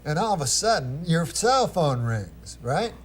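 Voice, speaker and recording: Man playing an overeager older TV producer, high and excitable. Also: a little slow, a little hiss or hum. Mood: excited. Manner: high, eager, pitched-up delivery.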